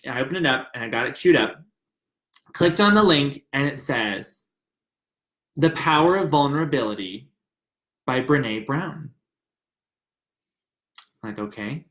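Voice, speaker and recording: A man's voice: mid-range voice, expressive, normal speed, long pauses, fairly bright tone, echoey room. A young man from the American South, telling a personal story in an earnest, emotional, rambling way. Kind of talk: personal story, casual retelling.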